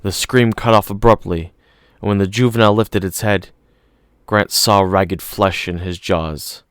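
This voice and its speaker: A man narrating an audiobook in a steady, measured reading. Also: on the low side, smooth, dry recording, studio quality.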